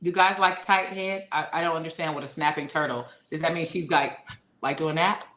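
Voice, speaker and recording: A woman co-hosting a casual podcast, reading listener comments aloud and reacting with quick jokes. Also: low voice, fairly even intonation, a bit bright, slight background noise. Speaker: podcast co-host. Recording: roomy echo.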